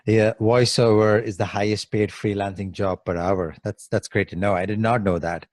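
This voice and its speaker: A man's voice: fairly low pitch, level tone, moderate pace, darkish tone, dry recording. A man hosting a podcast interview, enthusiastic and stumbling over restarts as he asks questions. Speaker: podcast host. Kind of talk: interview conversation.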